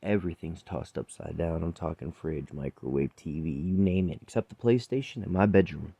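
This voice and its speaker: A man's voice: sits low, moderate pace, creaky, dark tone, husky, no echo. A man who works as a chef, telling a personal story in a blunt, profane, rambling way, with laughs.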